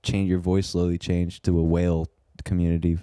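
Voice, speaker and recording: A man co-hosting a casual comedy podcast, laid-back and quick to chuckle along. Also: deep voice, level tone, mellow, smooth. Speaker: podcast co-host and stand-up comedian.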